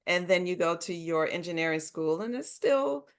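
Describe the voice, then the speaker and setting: A middle-aged woman with a fairly low speaking voice shares her own experiences as a podcast guest. She is animated and emphatic and often laughs as she tells them. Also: normal speed, smooth. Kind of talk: conversational interview storytelling.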